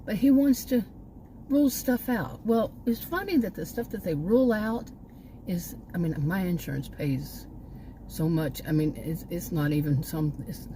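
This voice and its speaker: A woman's voice: lowish voice, a little slow, dark tone, a little hiss or hum, poor audio. An older woman rambling in a casual home vlog, cynical and often out of breath, with many restarts. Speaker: vlogger.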